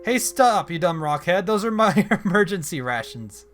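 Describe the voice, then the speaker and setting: A man voicing a feisty, brash young female thief in a video game, shouting and swearing with a slangy put-on accent that comes and goes. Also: high voice, fairly quick, pitched above the performer's own voice. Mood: angry.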